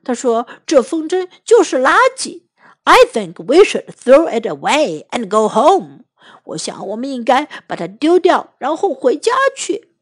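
Lady doing a grumpy little toad who wants to give up, high and slow. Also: big pitch swings, heavily acted. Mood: discouraged. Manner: complaining, discouraged. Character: gloomy, quick-to-quit male toad.

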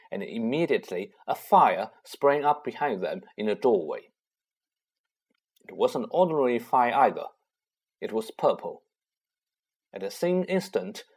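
A man narrating a children's fantasy novel aloud with expressive storytelling and a husky voice. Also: mid-range voice. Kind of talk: audiobook reading.

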